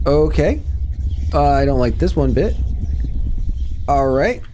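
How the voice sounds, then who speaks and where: A man casually talking through a spooky game as a gaming channel host, rambling and reacting excitedly. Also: on the high side, takes it slowly, long pauses, noisy background. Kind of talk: casual let's-play commentary.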